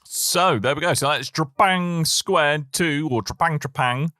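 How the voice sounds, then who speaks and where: A man's voice: on the high side, measured pace, pushed and bright, no echo, studio quality. A man co-hosting a games podcast, chatty and jokey, trailing off and restarting as he talks. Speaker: podcast co-host. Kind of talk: casual chat about video games.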